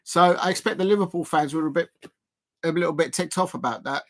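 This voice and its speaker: A man's voice: fairly high pitch, fairly quick. A man hosting a live football watch-along, commenting in a rambling, hesitant way full of fillers.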